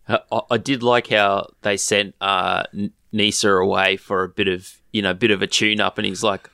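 A man's voice: on the low side, moderate pace, vocal fry, few pauses, pushed and bright, smooth, dry recording, studio quality. A man co-hosting a sports podcast, easygoing and rambling, with frequent hesitations. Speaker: podcast co-host. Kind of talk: casual sports chat.

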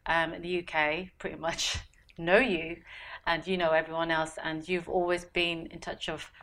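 A woman's voice: deep voice, level tone, normal speed, fairly bright tone. Hesitant woman hosting. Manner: hesitant, many fillers. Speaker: podcast host. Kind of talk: interview questions.

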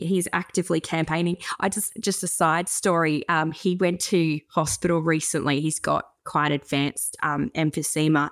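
An Australian woman guest who chats easily, with frequent fillers and quick laughs. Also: lowish voice, no echo, clean studio sound. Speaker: guest campaigner. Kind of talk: casual interview chat.

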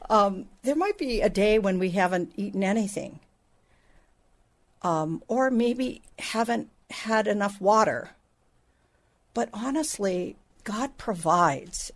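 Slow, conversational woman teaching Scripture. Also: medium pitch. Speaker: Bible teacher and co-host. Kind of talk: Bible teaching on a faith podcast.

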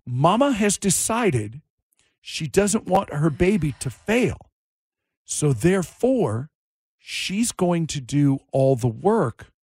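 A man hosting a morning radio talk show, animated and jokey, quick to laugh. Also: on the high side, slightly rough, no room sound, clean studio sound.

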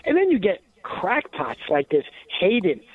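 An indignant man with a high voice and huge pitch swings delivers sarcastic talk radio commentary at an unhurried pace, constantly restarting and adding asides. The dry recording sounds thin and phone-like, with no room around it.

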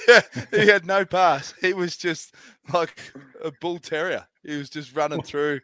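Man, higher bright voice, dry close mic, animated storyteller co-host. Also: measured pace, no echo. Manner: animated anecdotes, acts out other voices. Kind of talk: casual podcast chat.

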